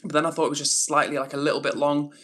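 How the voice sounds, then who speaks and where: A man's voice: fairly high pitch, little pitch movement, very fast, a bit bright. A young Englishman hosting a live stream, reading out viewer comments and greeting each person by name in a friendly, casual way. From England.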